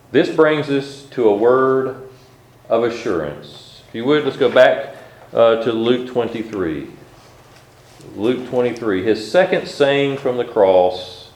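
A man preaching a sermon, reading scripture aloud slowly and measuredly between his own remarks. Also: mid-range voice, lively intonation, darkish tone. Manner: reads scripture aloud in old-style wording, slow and measured. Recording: echoey room.

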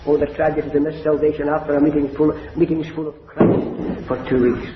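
An older preacher with a high, lifting voice delivers a gospel sermon. He tells a story warmly, then rises into impassioned pleading. The old recording is muffled, carrying the long echo of a large meeting hall with faint ambience. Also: flat delivery, brisk, few pauses, slight background noise. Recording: echoey hall, muffled lo-fi tape.

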